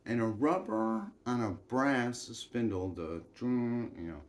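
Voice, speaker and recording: A man's voice: mid-range voice, lively intonation, slow. A man telling a meandering personal story in a folksy style, with asides and chuckles.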